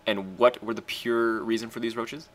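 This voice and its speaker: A man talks through his own strategy game match in a casual, excitable way. His voice is lowish but bright and forceful, and he swears freely and breaks into sudden loud shouts. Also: moderate pace.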